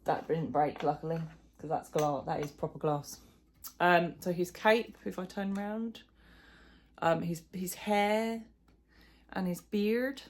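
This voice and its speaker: Chatty low-voiced woman vlogger. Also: steady tone, measured pace. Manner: chatty, self-deprecating, rambling with fillers. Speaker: crochet vlogger. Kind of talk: casual chat.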